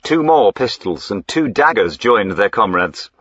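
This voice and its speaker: A man reads a historical novel aloud in a measured, even way. His voice is deep and husky and unhurried. The recording is dry and slightly muffled. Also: no room sound. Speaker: audiobook narrator. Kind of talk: scripted narration of a historical novel.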